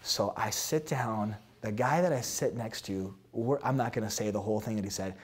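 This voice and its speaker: A man from South Dakota, a pastor, telling a story in an animated, expressive way and laughing at his own tales. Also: on the low side, moderate pace, husky. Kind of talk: sermon-style storytelling talk.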